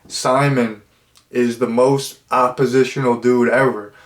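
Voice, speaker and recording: A man's voice: medium pitch, flat delivery, a little slow. A man giving a casual spoken movie review, rambling, with many fillers and false starts. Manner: rambling, full of fillers and restarts.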